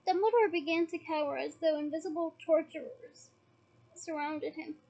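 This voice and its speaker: A woman's voice: high-pitched, steady tone, normal speed, warm tone. A woman reading a novel aloud with dramatic expression and chatty asides to her listeners. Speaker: audiobook reader.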